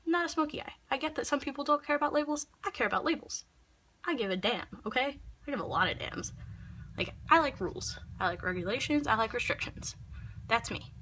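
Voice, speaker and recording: A young woman vlogs a heated rant, her voice bright and sharp-edged. She swears often and rambles, tossing in filler words as she works herself up. A faint room hum sits under her voice. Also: fairly high pitch, brisk. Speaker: makeup vlogger. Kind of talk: ranting vlog monologue.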